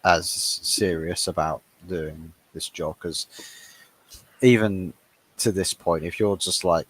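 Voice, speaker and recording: A man with a very deep, husky voice co-hosts a relaxed stream chat. He speaks slowly and throws in dry, laid-back quips. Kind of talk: casual live-stream football chat.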